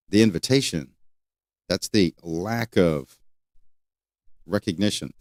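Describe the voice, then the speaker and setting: An older man hosting a solo talk show, rambling and repeating questions with many pauses. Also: fairly low pitch, sing-song, no echo, clean studio sound. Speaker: host.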